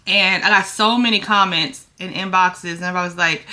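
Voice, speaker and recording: A woman's voice: lowish voice, steady tone, a little slow, pushed and bright. A woman in her thirties chatting casually to camera while getting ready, nervous and acting out both sides of a dialogue. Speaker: vlogger. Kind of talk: casual get-ready-with-me chat.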